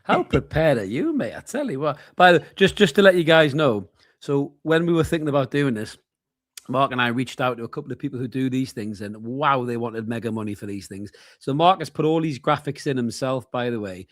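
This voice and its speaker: Brief: guy, 30s, laid-back sweary match-stream co-host, mid pitch. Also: animated, brisk. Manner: chatty, swears freely, laughs often. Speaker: co-host of a football watchalong stream. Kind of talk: casual live match chat.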